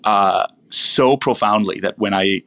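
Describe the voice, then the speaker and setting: A man's voice: fairly low pitch, unhurried, fairly bright tone. A man from the United States, a wine professional, telling long rambling stories in a casual interview, full of fillers and restarts. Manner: rambling, self-interrupting storyteller with many fillers.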